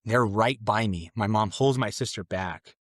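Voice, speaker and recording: A man's voice: lowish voice, measured pace, dry recording. Earnest young man telling his story, dry. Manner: earnest, loose and conversational, acting out his own past thoughts. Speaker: podcast guest. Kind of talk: personal conversion story, casual storytelling.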